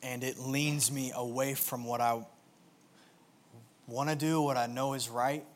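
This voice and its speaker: A young man preaching and telling a personal story in an earnest, confessional way, often halting and restarting. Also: medium pitch, steady tone, a little hiss or hum. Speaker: worship pastor.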